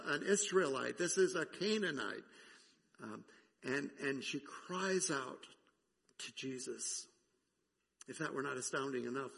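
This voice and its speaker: A man delivers a sermon in a conversational manner, pausing often to reflect. His voice is slightly high, with a husky, gravelly edge. Long reverb hangs around each phrase. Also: fairly bright tone. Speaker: pastor.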